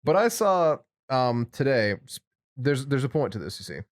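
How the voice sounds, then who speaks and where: A man co-hosting a casual podcast. His voice sits at a middling pitch. He rambles through his stories and drops dry, sarcastic asides along the way. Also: sing-song, moderate pace. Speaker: podcast co-host.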